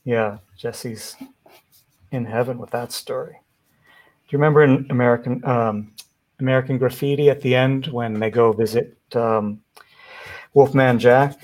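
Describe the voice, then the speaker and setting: An easygoing man co-hosting a casual conversation, speaking in a mid-range voice. He reacts readily, chimes in with quick remarks, and sometimes takes over with a memory of his own. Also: medium pitch, fairly even intonation, darkish tone. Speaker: host, illustrator. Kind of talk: casual chat.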